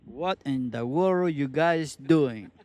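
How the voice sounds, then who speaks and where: A man's voice: mid-range voice, takes it slowly, darkish tone, no echo. A man with a Spanish accent, speaking Spanish as his first language, chatting in friendly broken English with his son outdoors by a truck. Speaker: host's father.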